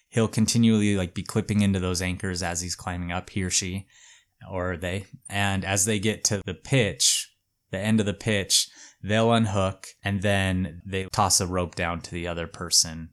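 A man hosting a podcast, casually telling a story with a relaxed, hedging manner and lots of fillers. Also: sits low.

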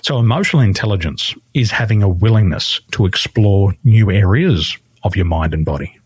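A man with a fairly low, husky voice that swings widely in pitch as he tells a story. He speaks as a life coach guest in a podcast interview and acts out the people he quotes. The sound is close and dry. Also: animated, moderate pace, darkish tone, no echo.

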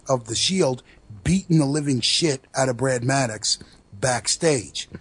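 A man with a thick Brooklyn accent, co-hosting a radio show and excitedly recapping wrestling. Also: medium pitch, husky. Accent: New York, Brooklyn. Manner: excited recapping, animated storytelling. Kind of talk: casual wrestling talk.

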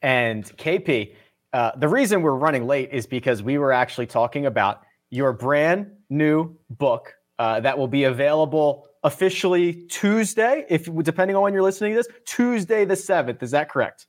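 A man's voice: a little high, animated, moderate pace. Chatty man hosting a podcast. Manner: upbeat, chatty, promotes sponsors and links. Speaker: podcast host. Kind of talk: casual podcast chat.

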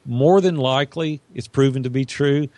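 A man's voice: medium pitch, normal speed, no echo. A middle-aged man, a podcast guest, telling an earnest personal story and acting out what others said. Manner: earnest, animated storyteller who acts out quotes. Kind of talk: storytelling in an interview.

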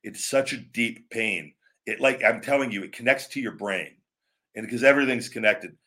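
A man's voice: mid-range voice, normal speed, bright, forceful tone. A middle-aged man hosting his own live show, chatting with viewers in a rambling way, often restarting his sentences and calling listeners brother or man, and teasing them playfully. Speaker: show host. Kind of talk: live-stream chat answering viewers.

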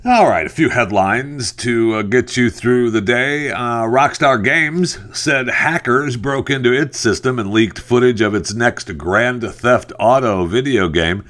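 A man's voice: medium pitch, measured pace, few pauses, fairly bright tone, soft background music. A male show host giving casual commentary and reading news headlines, chatty and given to laughing at his own stories.

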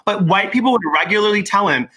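A man's voice: high-pitched, fast talker, bright, forceful tone. A man hosting a casual podcast chat, agreeing often and telling his own stories. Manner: agreeing, frequent affirmations.

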